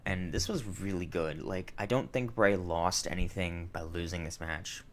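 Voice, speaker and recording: Low-voiced young man rambling a review. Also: moderate pace. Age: 20s. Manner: rambling, swears casually, frequent fillers; emotional, sentimental. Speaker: wrestling reviewer. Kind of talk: casual review chat.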